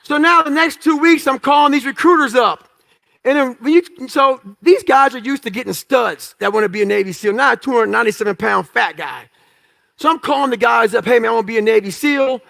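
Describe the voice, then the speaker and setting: A man's voice: extremely high pitch, expressive, a little fast, vocal fry, pushed and bright. A man giving a motivational talk, telling stories from his life bluntly and with profanity, acting out the voices of other people in them. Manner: acts out quoted dialogue in story. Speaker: motivational speaker. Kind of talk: storytelling talk to an audience.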